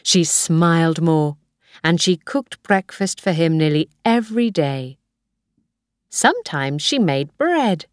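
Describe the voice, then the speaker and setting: A woman narrating a graded reader story in a slow, clear, careful way. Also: low voice, no room sound, studio quality. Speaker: audiobook narrator.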